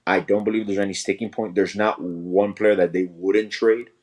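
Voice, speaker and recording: A man co-hosting a casual sports podcast, talking in a relaxed, measured way. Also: on the low side. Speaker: podcast co-host.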